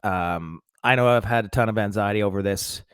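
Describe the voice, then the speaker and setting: A man's voice: on the low side, fairly quick, clean tone, no room sound, studio quality. Rambling man venting on a vlog. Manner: rambling, heavy fillers and restarts, swears, self-mocking. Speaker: vlogger. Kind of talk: casual rambling monologue to viewers.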